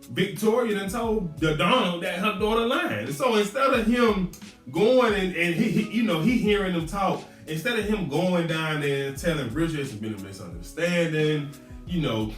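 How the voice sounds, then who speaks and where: A man's voice: on the high side, distant mic. A man casually recapping a TV episode, exclaiming at the characters and laughing as he talks. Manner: animated, exclaims at the characters, laughs while talking. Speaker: TV show reviewer. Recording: echoey room, off-mic, faint music.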